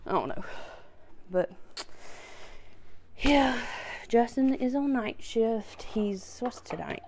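A woman's voice: fairly high pitch, expressive, takes it slowly, darkish tone. A young woman, out of breath, chatting casually on her podcast while tidying, laughing often and poking fun at herself. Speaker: podcast host.

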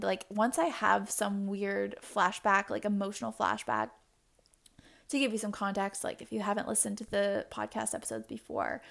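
Young adult female podcast host, confessional and rambling, with noticeable vocal fry. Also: medium pitch. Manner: open and confessional, rambling with many "like" fillers. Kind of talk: candid solo podcast talk.

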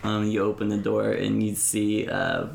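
A man narrating as game master of a tabletop game, talking haltingly with fillers and restarts. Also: fairly low pitch, little pitch movement, creaky, reverberant, slight background noise.

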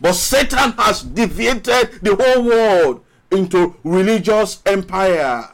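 A male pastor preaching a sermon emphatically, repeating phrases and drawing out his words between pauses. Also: sits high, animated. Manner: emphatic preaching with long pauses and rising calls.

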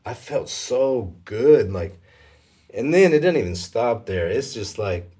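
A man telling a personal faith story in a casual conversation, emotional and halting, with many fillers. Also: mid-range voice, animated, mellow, husky.

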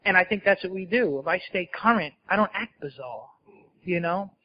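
A man's voice: high-pitched, animated, moderate pace, muffled recording. Candid man sharing his recovery story. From New Jersey. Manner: candid, storytelling, self-mocking with frequent laughs. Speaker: speaker sharing at a recovery meeting. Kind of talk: personal recovery talk to an audience.

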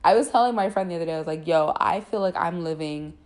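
A woman's voice: fairly low pitch, quick pace, darkish tone. A young American woman hosting a casual podcast, talking in a chatty, slangy way with many fillers. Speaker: podcast host.

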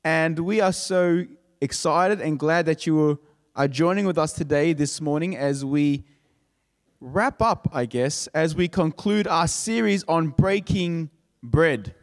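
A man's voice: fairly high pitch, takes it slowly, big-room sound. A man preaching a sermon as a pastor. He builds his points through emphatic, repeated phrases. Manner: emphatic, repetitive preaching cadence.

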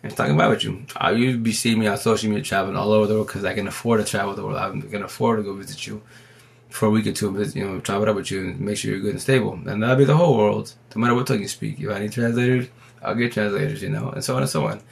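A man talking into his phone on a livestream, rambling in a casual, slangy way and talking fast. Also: on the low side, steady tone, vocal fry. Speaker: livestream host.

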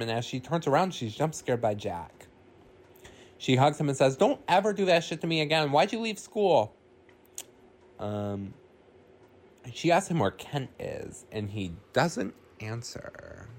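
Animated man casually recapping a film. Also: mid-range voice, measured pace, a little hiss or hum. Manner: animated, swears and laughs, acts out characters' lines. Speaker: movie recap host.

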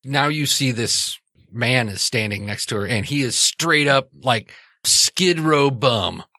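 A man's voice: mid-range voice, slow, sharp tone, no room sound, studio quality. A man narrating a tabletop role-playing game as game master, in a casual and hesitant way.

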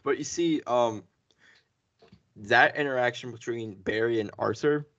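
A man co-hosting a podcast, chatting casually and excitedly through a spoiler review, full of fillers and restarts. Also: medium pitch, measured pace, dry recording. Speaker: podcast co-host. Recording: dull lo-fi sound.

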